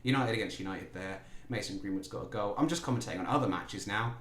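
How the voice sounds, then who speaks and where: A playful man chats through a football management game and teases his own players as he goes. His voice sits a little low, and the sound carries a roomy echo. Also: a little fast, a bit bright. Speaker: gaming YouTuber. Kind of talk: casual let's-play commentary.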